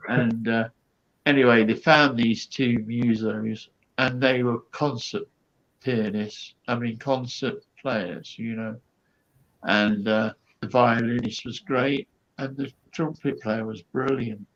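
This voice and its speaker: Slow-talking man spinning an anecdote. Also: medium pitch, steady tone, fairly bright tone, lo-fi sound. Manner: storytelling with quoted asides and fillers. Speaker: guest comedian. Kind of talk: rambling backstage anecdote.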